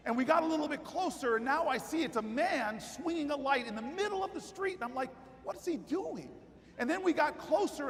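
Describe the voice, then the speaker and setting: A man giving a keynote speech at a political convention, telling a story that builds into shouted rally calls. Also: very high voice. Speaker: keynote speaker. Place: large convention hall. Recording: long hall reverb with faint crowd.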